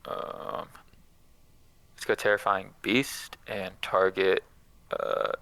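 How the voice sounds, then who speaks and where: A man's voice: low-pitched, level tone, slow, pushed and bright, smooth, no room sound, low-quality recording. A man playing a card game opponent, easygoing, reading card text aloud and musing over his choices. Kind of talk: casual gameplay chat.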